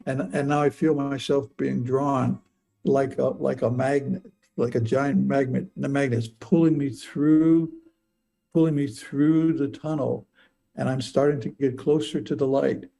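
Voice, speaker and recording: Older man, gravelly and dark, halting personal storytelling with frequent repeats. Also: mid-range voice, fairly even intonation. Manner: halting, repeats words, stammers. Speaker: speaker telling a near-death experience.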